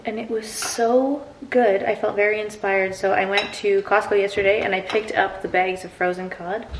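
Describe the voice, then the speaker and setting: A woman's voice: medium pitch, fairly bright tone, roomy sound, a little hiss or hum. A young English woman, jet-lagged, chatting casually to the camera at home in a rambling way, full of tangents. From England. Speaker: vlogger. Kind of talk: casual morning chat to camera.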